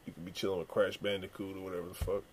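A man's voice: deep voice, little pitch movement, racing, slight background noise. A man hosting a podcast, giving laid-back, slangy reaction commentary full of swearing and asides. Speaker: podcast host.

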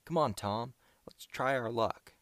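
A man's voice: medium pitch, measured pace, no room sound, voice pushed up, natural voice. A man voicing a cheerful, playful teenage boy adventurer in an audiobook. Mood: cheery. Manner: bright and playful.

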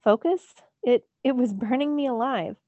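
Woman reading as an excitable boy hero. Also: mid-range voice, moderate pace, no room sound, phone-quality sound, lightly acted. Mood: agitated. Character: panicky, outspoken boy hero.

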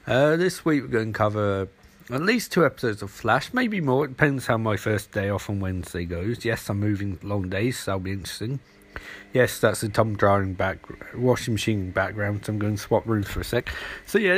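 A man hosting a podcast, giving a casual, rambling TV episode recap full of jokes and self-corrections. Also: mid-range voice. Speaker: podcast host.

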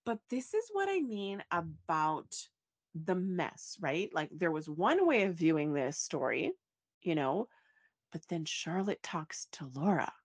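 A woman hosting a casual podcast chat, lively and animated, leaping up and down in pitch as she acts out what she means. Her voice is a little husky and breathy, recorded close and dry with no room sound. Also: a little slow, no echo. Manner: animated, often acts out lines with big swings in voice. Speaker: podcast host. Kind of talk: casual chat recapping a soap opera.

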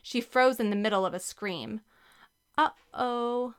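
A woman narrating a children's storybook with a lively, expressive reading. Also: medium pitch, normal speed. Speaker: audiobook narrator.

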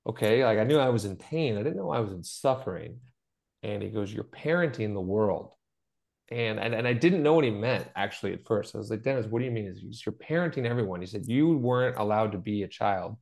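A man's voice: lowish voice, expressive, a little fast, gravelly, a little mellow. A middle-aged man co-hosting a podcast, talking in an earnest, storytelling way and acting out the voices of the people he quotes. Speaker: podcast co-host. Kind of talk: conversational podcast chat.

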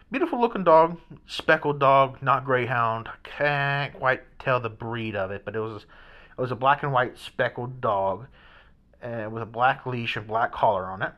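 Young man, bright tone, rambling, casual storytelling, hotel room vlog. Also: mid-range voice. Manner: rambling, with many restarts and fillers. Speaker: vlogger.

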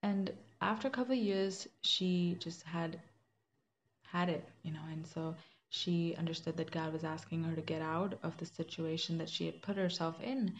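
Young woman, lower voice, earnest personal testimony, slightly muffled recording with faint hiss. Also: normal speed. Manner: earnest, conversational, with many fillers and restarts. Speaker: Christian speaker sharing a personal story.

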